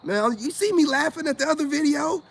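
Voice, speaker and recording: A man's voice: very high voice, lively intonation, a little fast, a bit bright. An American man giving rambling casual commentary to his viewers, laughing often and talking loosely in slang. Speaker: spiritual self-help vlogger.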